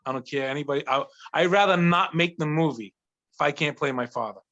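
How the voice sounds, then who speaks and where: A man in his forties from Providence, a guest telling stories in an eager, animated casual chat. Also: fairly high pitch, fast talker, dull audio. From Providence, Rhode Island. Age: 40s. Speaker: guest actor and writer.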